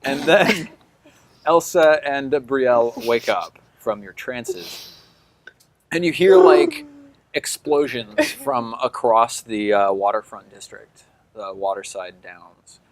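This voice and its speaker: A man's voice: medium pitch, big pitch swings, slow, crowd noise. Man narrating a tabletop game as game master. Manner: loose, filler-heavy description peppered with "like".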